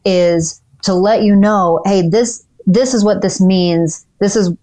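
A woman lawyer on a podcast, explaining lease terms in a clear, methodical way with the odd "um". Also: mid-range voice, slow, dark tone. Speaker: dental practice lawyer, guest.

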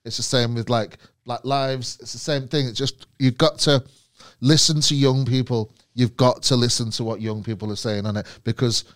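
A man's voice: mid-range voice, steady tone, normal speed. Man, comedian guest, ranting, sweary, emphatic, casual chat.

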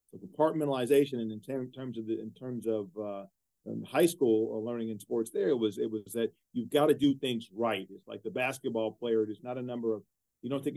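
A man's voice: mid-range voice, a little mellow. Earnest, rambling male interview guest. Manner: earnest and discursive, with many fillers and repeated words. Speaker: guest, university executive. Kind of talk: conversational interview answers.

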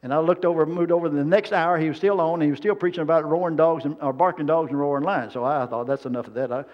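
Folksy high-voiced preacher, lo-fi. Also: male voice, quick pace. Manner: folksy, rambling storytelling with plain-spoken grammar. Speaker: pastor. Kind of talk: sermon. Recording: dull lo-fi sermon recording.

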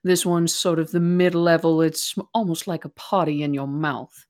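A woman's voice: sits low, fairly even intonation, moderate pace, darkish tone, dry recording, lightly acted. A woman voicing a matter-of-fact female cook from the mines in a tabletop game. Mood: dry. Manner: dry, matter-of-fact, says darling.

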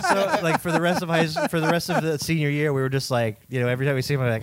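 A man's voice: medium pitch, fairly quick, no echo. A man co-hosting a podcast, telling crude, joking stories in casual chat. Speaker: podcast co-host.

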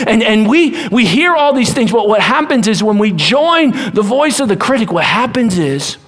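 A man preaching a sermon as pastor, animated, acting out voices and dropping to a hush at times. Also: high-pitched, moderate pace, hardly any pauses.

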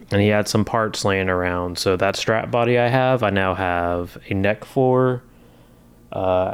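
Deep, smooth-voiced podcast co-host. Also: male voice. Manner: easygoing, wry jokes. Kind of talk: casual chat.

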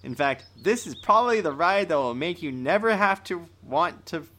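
A man's voice: a little high, expressive, normal speed, sharp tone. A man playing a tabletop role-playing game, playful and teasing, often laughing. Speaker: player.

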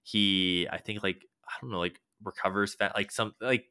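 Low-voiced man rambling about games. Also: fairly even intonation, moderate pace, bright, forceful tone, clean tone, no echo, clean studio sound. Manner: rambling, loose, swears casually, lots of fillers. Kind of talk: casual chat about a video game.

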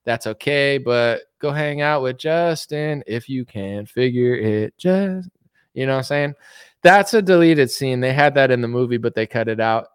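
A man's voice: mid-range voice, normal speed, clear, resonant tone, no room sound, clean studio sound. A man ranting in casual political commentary, rambling with lots of "like" and mocking impressions. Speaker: commentary streamer.

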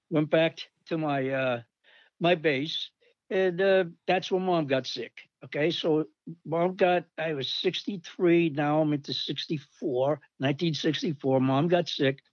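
A man's voice: on the high side, dry recording, highs cut off. Older man rambling through old army stories. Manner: rambling, animated, acts out quoted voices. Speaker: storyteller recalling army days. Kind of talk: casual anecdote.

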